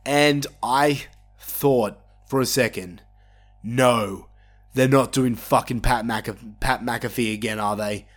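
Sweary guy ranting about wrestling on his podcast, mid pitch, gets worked up. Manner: opinionated, swears often, excitable. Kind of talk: casual review monologue.

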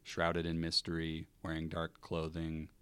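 A man with a very low voice co-hosts a podcast and talks with eager enthusiasm. He chats casually, hyping up what he loves. The sound is close and dry. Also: completely flat delivery, measured pace, fairly bright tone, clear, resonant tone, no echo. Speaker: podcast co-host. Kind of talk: casual chat.

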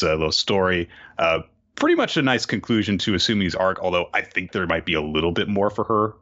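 A man co-hosting a casual chat, enthusiastic and quick to laugh. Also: sits low, sing-song, fairly bright tone, highs cut off. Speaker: podcast co-host.

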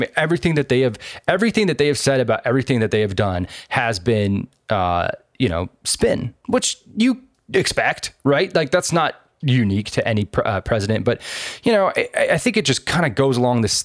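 A man's voice: mid-range voice, no room sound. Guy ranting about politics, swears a lot, sarcastic, normal mid voice, dry close sound. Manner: animated, profane, sarcastic, many fillers. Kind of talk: casual political chat.

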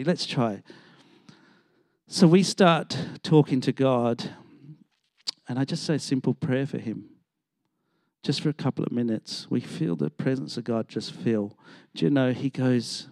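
A man's voice: on the high side, moderate pace, dry recording, studio quality. A middle-aged man, preaching a storytelling sermon and acting out the voices of the people in his stories. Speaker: pastor.

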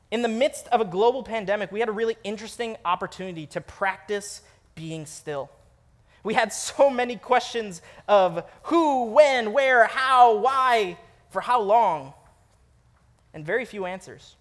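A young man preaching a sermon, animated and self-deprecating as he tells stories. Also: high voice. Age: young adult. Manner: animated storytelling, laughs at himself.

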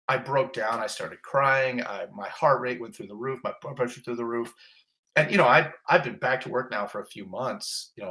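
A guest in an interview, this man gets animated and emotional reliving a personal episode, exclaiming and gasping along the way. He speaks at medium pitch and keeps restarting as he rambles.

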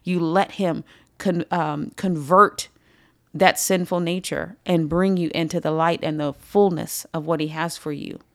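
A woman's voice: low-pitched, steady tone, measured pace, no echo, clean studio sound. A woman teaching a morning Bible study in an earnest, conversational way, often checking in with her listeners. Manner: earnest, conversational, with frequent "right?" asides.

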